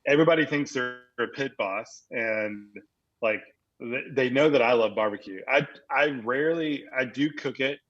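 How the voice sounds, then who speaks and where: A man's voice: medium pitch, moderate pace, a bit bright, lo-fi sound. An American man, a guest, telling rambling stories in casual interview chat, with many fillers and self-corrections. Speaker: guest, agency founder.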